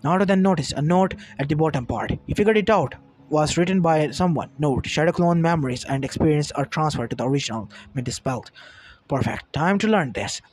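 A man's voice: a little high, animated, a little fast, darkish tone. A man reading a fan fiction story aloud, with small stumbles and restarts. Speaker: narrator. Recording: music under the voice. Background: lofi background music.

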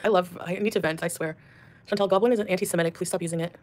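Rapid-fire ranting woman. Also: lowish voice, steady tone, darkish tone, slight background noise. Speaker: streamer. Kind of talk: ranting livestream clips.

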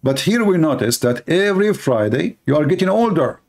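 A man's voice: on the high side, sing-song, brisk, gravelly, darkish tone. Sarcastic man giving polemical commentary. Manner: sarcastic, laughing at his own points. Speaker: religious debater.

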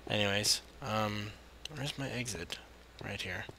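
A man's voice: fairly low pitch, a little slow. A man hosting a let's play, talking to himself in a rambling way and easily startled by what happens in the game. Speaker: gaming channel host. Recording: noisy amateur mic recording.

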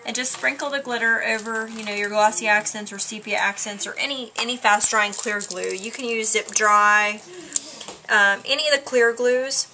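A woman chatting her way through a craft tutorial at home, relaxed, with lots of ums. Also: on the high side, moderate pace, slight background noise. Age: adult with a child.

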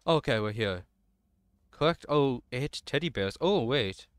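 A man's voice: mid-range voice, animated, unhurried, clean tone, no room sound. Male gamer, nervous horror commentary, constant cursing, clean dry close-mic sound. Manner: jumpy, swears constantly, nervous self-talk. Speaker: let's play gamer.

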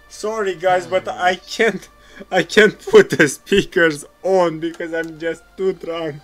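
A man's voice: high voice, steady tone, slow, soft background music. A man hosting a casual voice chat, drunk, giggly and rambling. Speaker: game host.

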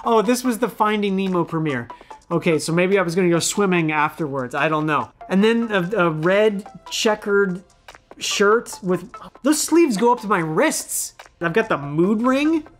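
A man in his thirties talks through his childhood red-carpet outfits in a loose, casual vlog manner. His tone is playful and self-mocking, and quiet music plays faintly behind him. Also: high-pitched, animated, normal speed. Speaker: former child actor reviewing his old outfits.

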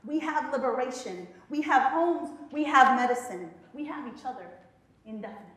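A female poet performs spoken word in a college hall, delivering it rhythmically and dramatically in a high voice with lively intonation, a little fast. She adds playful, laughing asides to the audience, and the hall is very echoey.

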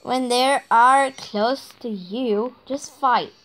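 A woman's voice: a little high, slow, a bit bright, slight background noise. A woman giving casual commentary over her own gameplay, with frustrated exclamations as she plays. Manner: exasperated exclamations while playing. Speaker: gaming video creator.

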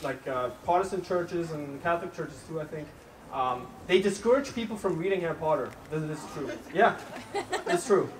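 A man from Austria doing a live stand-up set in a club, chatting with the audience and restarting his sentences. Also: high voice. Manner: conversational, chats with audience, halting restarts. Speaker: stand-up comedian. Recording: roomy club, distant mic, crowd noise.

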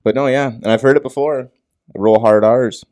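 A man's voice: mid-range voice, fairly even intonation, moderate pace, dark tone. Laid-back small-town Ontario guy. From small-town Ontario, Canada. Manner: laid-back, swears a lot, says bro. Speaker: podcast co-host. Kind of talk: casual chat.

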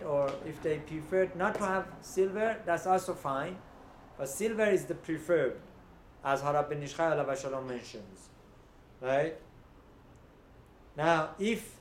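A man's voice: on the high side, echoey room. A man teaching as a rabbi in a lecture, explaining step by step, mixing in Hebrew terms and often checking in with "right?". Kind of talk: Torah lecture.

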